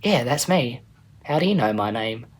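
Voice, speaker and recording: A man voicing an excitable, friendly teenage girl in a storybook reading, raising his voice high and eager. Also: moderate pace, natural voice. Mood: excited.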